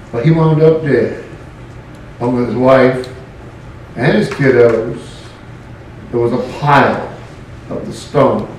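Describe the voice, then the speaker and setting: A male pastor preaching a sermon in an animated way, with joking asides. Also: mid-range voice, a little hiss or hum. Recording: very echoey room, mic far off.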